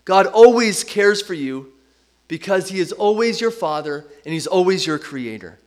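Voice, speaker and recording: Emphatic high-voiced male preacher. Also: animated, moderate pace. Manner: earnest, emphatic preaching with repetition. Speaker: pastor. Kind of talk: sermon.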